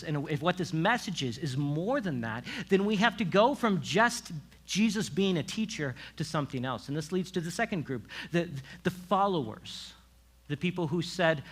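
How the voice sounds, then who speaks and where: Man, pastor, sermon, bright voice, slightly high, casual asides. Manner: casual, animated preaching with asides and quick restarts.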